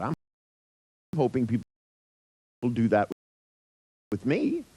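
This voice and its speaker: A man's voice: medium pitch, wildly swooping pitch, measured pace, creaky, dark tone, husky, dry recording, rough recording. An older man telling a rambling personal anecdote in a wry, profane way, with many restarts and asides.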